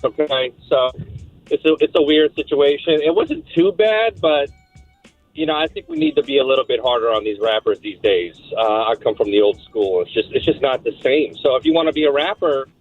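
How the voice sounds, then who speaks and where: A man's voice: mid-range voice, no echo. A man calling into a radio show, easygoing and a little rambling. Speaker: caller. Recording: tinny phone line.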